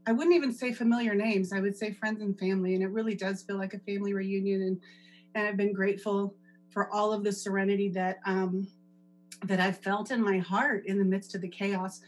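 A woman's voice: medium pitch, little pitch movement, brisk, poor audio. A woman in her forties giving a heartfelt, emotional talk at a recovery meeting from her home office over a video call. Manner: heartfelt, laughing through tears. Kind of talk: emotional personal sharing.

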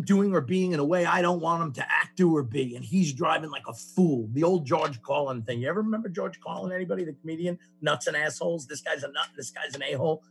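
A man sharing his recovery story with a group, telling it in an animated way with many restarts. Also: on the high side, creaky, husky. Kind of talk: personal testimony to a group.

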